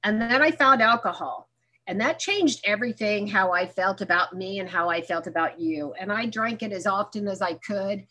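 At a recovery meeting, a woman offers candid testimony about her life, voicing remembered dialogue and laughing at herself. Her voice is mid-range with a sharp tone, at a moderate pace.

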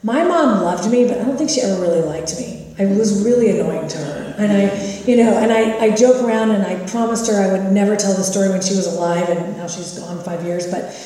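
A woman in her fifties from California shares her story with a recovery meeting, candid and self-mocking. Her voice is mellow and warm. It echoes around a big hall, picked up from far off. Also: medium pitch, a little fast. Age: 50s.

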